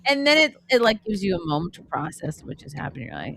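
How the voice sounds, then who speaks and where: A woman hosting a live podcast, reacting to a roller coaster video with dramatic, animated commentary and silly voices for her own thoughts. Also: on the low side, fast talker, gravelly, hardly any pauses. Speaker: podcast host.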